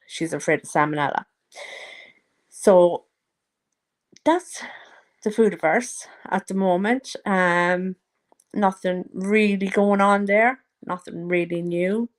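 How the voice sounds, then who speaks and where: Woman, casual vlog host, gossipy and mocking, drawls slowly. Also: mid-range voice, fairly even intonation. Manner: gossipy, teasing, puts on mocking voices. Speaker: vlogger. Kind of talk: casual chat to a live audience.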